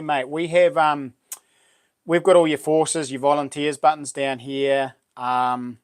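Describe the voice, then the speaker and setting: A middle-aged man with a New Zealand accent hosting a casual live stream, greeting viewers by name in a chatty way. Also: fairly high pitch. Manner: chatty, reads out viewer names and greets them warmly. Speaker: livestream host.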